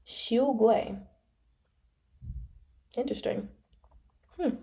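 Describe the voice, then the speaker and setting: A woman reading a novel aloud live on her channel, breaking off into animated, self-deprecating reactions and dramatic exclamations. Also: a little high, extremely slow, creaky. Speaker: book reader and channel host.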